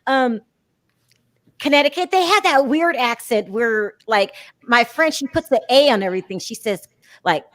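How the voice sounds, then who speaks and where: A woman hosting a live call-in recap in loose, casual chat. Her voice sits a little high and swings widely in pitch. She is blunt and opinionated and laughs easily. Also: normal speed, no room sound. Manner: opinionated, animated, laughs often. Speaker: podcast host.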